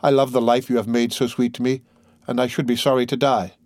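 A man voicing a devoted young woman in an audiobook, speaking gently and earnestly. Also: mid-range voice, flat delivery, a little fast, dry recording, close to an everyday voice. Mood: tender.

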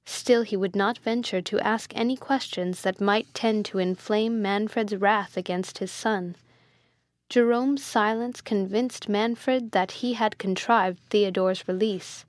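A woman narrating a classic novel in a measured, lightly dramatized reading. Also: mid-range voice, fairly even intonation, no echo, studio quality. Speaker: audiobook reader.

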